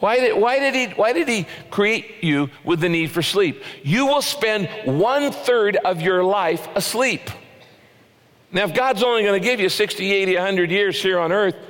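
A pastor preaching a sermon in an earnest, emphatic way, asking rhetorical questions. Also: male voice, sits high, big-room sound.

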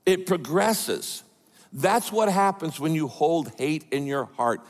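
A male pastor preaching a sermon with lively, emphatic delivery and quoted asides. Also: on the high side, slow, big-room sound.

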